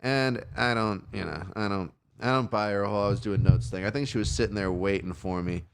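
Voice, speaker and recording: A man's voice: fairly low pitch, a little fast, gravelly, a bit bright, clear, resonant tone, no echo, clean studio sound. A man hosting a call-in show, telling a rambling story in casual talk, swearing constantly and filling his sentences with "like" and "uh". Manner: swears constantly, rambling rant with many fillers.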